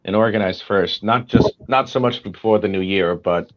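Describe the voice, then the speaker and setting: An American man with a fairly low voice chats casually on a live stream, rambling, swearing and joking. The stream audio is dull and lo-fi. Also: moderate pace, a little hiss or hum. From United States. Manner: profane, rambling, jokey. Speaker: co-host and comic artist.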